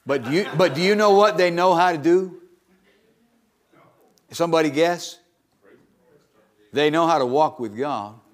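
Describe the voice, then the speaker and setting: A man's voice: a little high, unhurried, pauses often. A middle-aged man preaching in church, telling a personal testimony in a folksy way and calling for amens. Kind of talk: sermon testimony.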